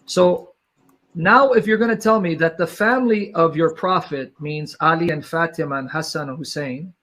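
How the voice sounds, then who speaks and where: Debate lead: man, fairly high voice, insistent questioner who repeats himself. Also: fairly bright tone. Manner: pressing, repeats questions, slows others down. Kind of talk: live online debate.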